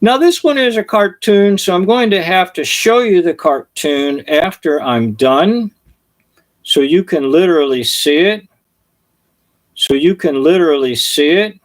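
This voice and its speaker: A man preaching, telling funny illustrations with chuckles as an animated storyteller. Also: sits high, a little slow. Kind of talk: sermon illustrations, storytelling jokes.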